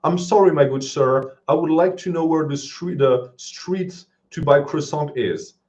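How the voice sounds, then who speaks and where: A man voicing an overly polite male tourist who asks for directions in a stiff, halting way. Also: on the high side, a little mellow, pitched above the performer's own voice, lightly acted. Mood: fussy politeness. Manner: stiff, over-formal, halting.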